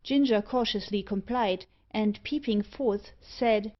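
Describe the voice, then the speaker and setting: A woman narrates a classic novel with measured, steady storytelling. Her voice sits at a middling pitch, and the recording is slightly muffled and dull in tone. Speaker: audiobook narrator. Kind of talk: scripted narration.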